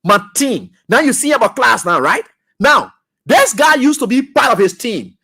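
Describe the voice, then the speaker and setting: A man hosting a radio talk show, giving animated, scolding political commentary. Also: very high voice, moderate pace, breathy edge.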